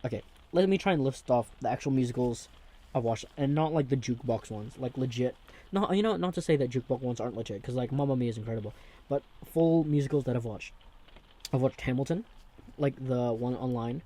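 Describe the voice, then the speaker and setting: A man's voice: medium pitch, brisk, dark tone. A young man hosting a rambling, jokey comedic monologue. He keeps interrupting himself and jumping between thoughts. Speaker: host.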